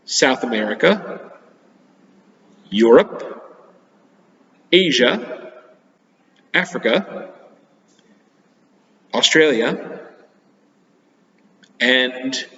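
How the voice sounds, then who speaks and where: Man teaching children in an echoey room. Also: mid-range voice. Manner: simple, patient explanations with frequent pauses. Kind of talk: geography lesson for children. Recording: dull, echoey room with long reverb.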